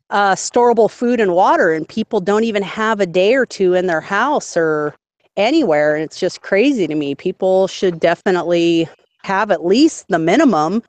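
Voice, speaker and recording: A woman's voice: medium pitch, dry recording. A woman in casual chat on a live stream call from her home, earnest and chatty with many fillers. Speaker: guest. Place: at home in the countryside.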